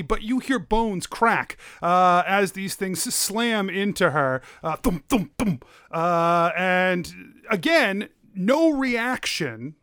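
A man's voice: high-pitched, a bit bright, clean tone, dry recording, clean studio sound. A man narrating as game master of a tabletop game, laid-back and hesitant with frequent fillers.

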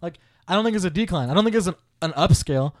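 Young male podcast co-host, brash and profane, slightly high voice, dry close mic. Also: rapid-fire, no room sound. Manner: loud, profane, animated ribbing. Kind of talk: casual podcast banter.

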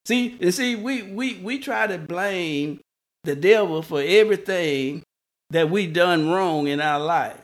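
Slow, emphatic male preacher. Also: sits high. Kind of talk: sermon.

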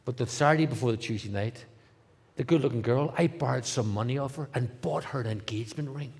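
A middle-aged guest speaker from Northern Ireland tells his testimony in a comic, animated style, dropping to a hush and then getting loud. His medium-pitched voice is fast and slightly rough, with some vocal fry.

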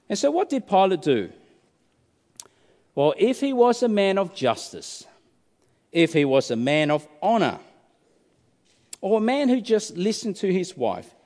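A man's voice: sits high, a little mellow. A male preacher giving a sermon, telling a story dramatically and asking many rhetorical questions. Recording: reverberant hall.

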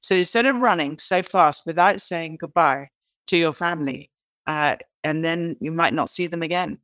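Guest: British woman, lively raconteur, dry close sound. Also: low voice, normal speed, no echo. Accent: British English. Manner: animated storyteller who acts out quoted lines; chatty, restarts and repeats words. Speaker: guest author. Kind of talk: interview conversation.

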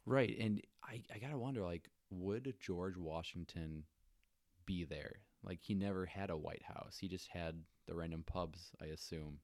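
A man with a very low, deep voice chatting casually as a podcast co-host. He is laid-back and jokey, peppering his speech with "like." The sound is dry and close-miked. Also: unhurried, darkish tone, no room sound. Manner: laid-back, lots of "like" fillers, joking asides. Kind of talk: casual chat.

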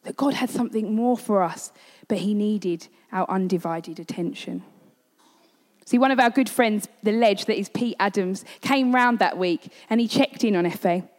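A woman's voice: mid-range voice, moderate pace, darkish tone. A woman giving a sermon, telling a personal story in an earnest way. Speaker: preacher. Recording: long hall reverb.

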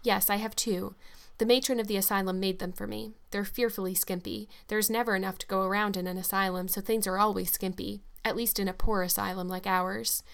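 A woman's voice: mid-range voice, steady tone, a little fast, creaky, fairly bright tone. A woman voicing a talkative, dreamy orphan girl of about eleven who speaks in an eager, dramatic way.

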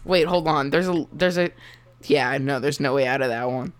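A woman's voice: deep voice, level tone, measured pace. A woman co-hosting a podcast in casual chat, jokey and rambling, laughing often. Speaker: podcast co-host. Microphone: remote call mic.

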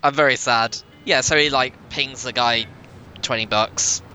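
A man's voice: mid-range voice, steady tone, unhurried, bright, forceful tone. A man playing a tabletop game, casual and swearing often. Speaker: player. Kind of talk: tabletop role-play chat.

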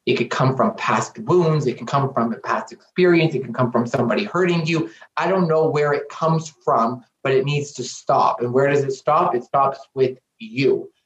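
A man's voice: mid-range voice, normal speed, hardly any pauses. A man speaking as a guest in an interview, earnest and emphatic, often repeating himself for weight. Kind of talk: candid interview talk. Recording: roomy, dull lo-fi sound.

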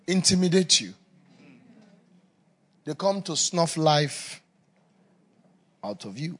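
A man preaching a sermon, telling stories with laughter and swinging between loud emphasis and quiet asides. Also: on the high side, very animated, slow, long pauses.

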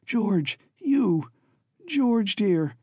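A man's voice: on the high side, unhurried, warm tone, husky, dry recording. A man reading an audiobook, voicing a slim little young woman who is tense and frightened and pleads urgently. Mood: startled. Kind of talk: audiobook character voice.

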